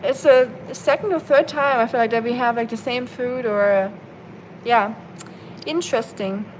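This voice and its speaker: A chatty woman with a fairly high voice talks casually to her stream viewers, playful and quick to laugh. Soft rain patters faintly in the background. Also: a little hiss or hum, low-quality recording. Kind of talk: casual chat. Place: at home, rain outside. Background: rain ambience.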